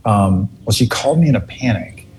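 A man telling a funny family story in a casual, animated way, laughing often. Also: fairly low pitch, brisk, a little hiss or hum.

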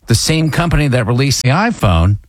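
A man hosting a morning radio show, telling stories in a casual, animated, mock-exasperated way into a studio mic. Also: medium pitch, brisk, no echo. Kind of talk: casual on-air chat.

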